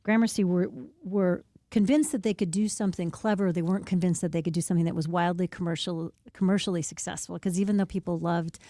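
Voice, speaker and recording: Chatty radio co-host lady from iowa, lowish warm voice. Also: fairly even intonation, fast talker, few pauses, no echo, clean studio sound. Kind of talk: casual radio talk. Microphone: studio microphone.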